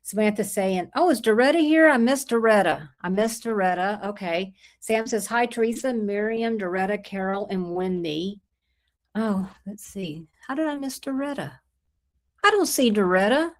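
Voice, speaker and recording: A woman's voice: medium pitch, normal speed. A middle-aged woman with a sore throat, hosting a casual livestream and chatting through viewer comments. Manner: chatty, rambling, greets viewers by name. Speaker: livestream host.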